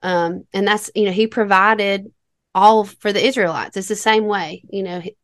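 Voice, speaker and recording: A woman's voice: medium pitch, steady tone, moderate pace, fairly bright tone. A woman, co-hosting a faith podcast in an earnest, reflective way and often saying "you know.". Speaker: podcast co-host. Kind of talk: casual faith podcast chat.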